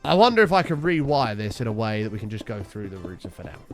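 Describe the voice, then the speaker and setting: A man's voice: on the low side, big pitch swings, fast talker, faint music behind. A young man streaming a game, casually telling a story, swearing freely and acting out his own quotes. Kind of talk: casual storytelling while gaming.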